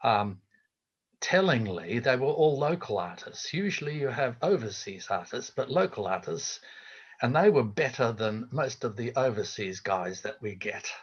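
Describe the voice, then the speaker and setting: An older man with an Australian accent, speaking as a theologian guest over a video call in a measured, reflective way. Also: mid-range voice, lively intonation, slightly rough. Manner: measured, reflective, hesitant with fillers. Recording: dull lo-fi video call audio.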